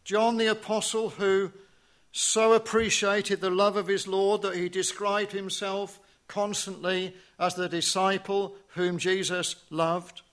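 A man preaching a sermon in a measured way, asking rhetorical questions and dropping to a hush on key phrases. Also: sits high, flat delivery.

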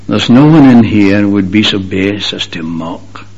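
A man preaching a sermon to a congregation, impassioned, rising to ringing exclamations and dropping to hushed whispers. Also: lowish voice, expressive, measured pace, lo-fi sound.

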